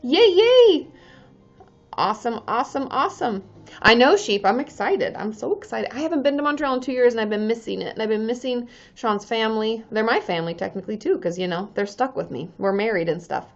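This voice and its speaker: A woman's voice: fairly high pitch, fast, vocal fry, dull audio. Bubbly woman chatting on a live stream. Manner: bubbly and chatty, frequent "um" and "like", cheering viewers on, swears casually. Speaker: therapist and live-stream host. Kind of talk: casual live-stream chat, reading viewer comments aloud.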